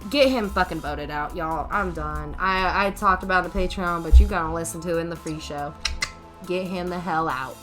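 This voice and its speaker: A woman's voice: fairly low pitch, moderate pace, a bit bright, faint music behind. A woman, a special needs teacher co-hosting a casual podcast, talking bluntly and cursing freely. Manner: blunt, profane, ranting. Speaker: podcast co-host. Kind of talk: casual chat.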